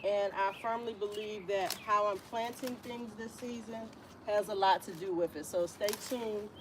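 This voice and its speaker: A woman's voice: mid-range voice, steady tone, normal speed, noisy background. A woman hosting a casual livestream outdoors in her garden, chatting with viewers by name while she harvests. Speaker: homestead livestreamer.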